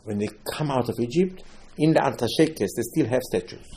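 A man teaching a Torah class in a lively storytelling sermon, mixing Hebrew terms into his English and swinging between loud bursts and quiet asides. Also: medium pitch, brisk. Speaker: religious teacher.

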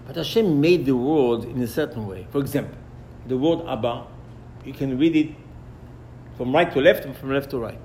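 A man teaching a Torah lesson in an animated way, acting out dialogues and repeating himself. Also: mid-range voice, normal speed, a little hiss or hum.

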